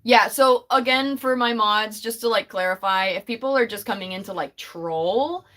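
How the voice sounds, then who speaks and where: A woman's voice: medium pitch, moderate pace, a bit bright. Chatty young woman hosting a livestream. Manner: chatty, laughing often, reading chat aloud. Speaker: livestream host. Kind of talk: casual livestream chat.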